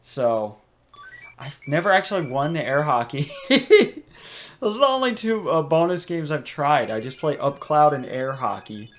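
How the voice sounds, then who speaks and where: A man's voice: on the high side, big pitch swings, normal speed, slight background noise. A young man hosting a game playthrough, chatting casually and rambling off on tangents while he laughs often. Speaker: let's play host. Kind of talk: gameplay commentary. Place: home room.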